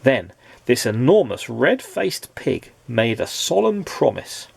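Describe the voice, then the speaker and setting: A man reading a children's picture book aloud, lively and expressive, his pitch rising and falling a lot. His voice is a little husky and sounds close and dry. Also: slow, no echo. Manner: expressive storytelling. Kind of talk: children's storybook read-aloud.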